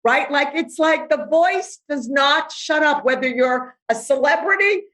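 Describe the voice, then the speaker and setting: A woman's voice: sits high, unhurried, fairly bright tone, rough recording. A middle-aged woman life coach, speaking bluntly and animatedly in a podcast interview, acting out voices as she talks.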